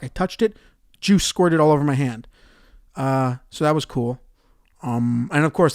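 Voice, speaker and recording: A male comedian ranting through a solo podcast in a mid-pitched voice, cursing freely. He jumps from loud outbursts to low, muttered asides. The sound is dry and close, with no room echo. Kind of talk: comedic rant monologue.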